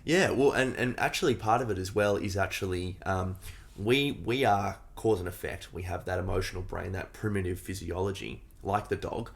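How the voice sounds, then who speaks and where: A man who coaches breathing, talking as a podcast guest in an animated, playful way and often acting out little voices. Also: sits low, normal speed, gravelly, few pauses. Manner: animated, playful, acts out voices when making a point. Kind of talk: casual conversation.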